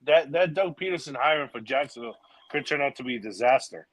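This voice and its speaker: A man's voice: mid-range voice, lively intonation, fast, a bit bright, dry recording, poor audio. A man of Colombian Dominican background, an upbeat guest talking sports on a podcast. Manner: upbeat, optimistic. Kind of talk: casual sports talk.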